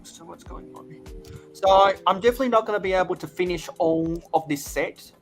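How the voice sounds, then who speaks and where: A man's voice: high voice, over music. A man hosting a livestream while building sets, chatting casually with many restarts and hesitations. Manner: halting, lots of restarts. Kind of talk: casual chat.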